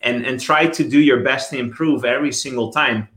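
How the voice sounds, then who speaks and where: A male interviewer asks questions at a middling pitch and sums up his guest's points. He sounds encouraging. His voice rings in an echoey room. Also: a little fast, fairly bright tone. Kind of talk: casual interview.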